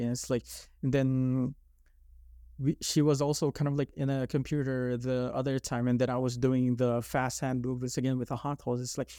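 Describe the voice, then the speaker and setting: A man's voice: mid-range voice, flat delivery, moderate pace, warm tone, no echo, studio quality. A young man from Canada telling his story in a casual podcast chat, rambling with lots of likes and restarts. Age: young adult.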